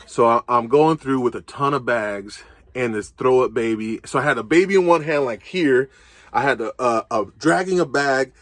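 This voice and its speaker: A young man spins a story, animated and quick to laugh, dropping casual swears. His voice sits close and dry, with no room sound, and his pitch stays mid-range for a man. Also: dry recording. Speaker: co-host.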